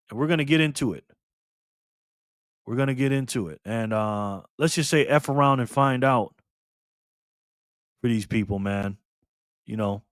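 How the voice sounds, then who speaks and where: A man hosting a casual livestream, reading and answering the chat excitedly. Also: mid-range voice, dry recording, studio quality. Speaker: livestream host.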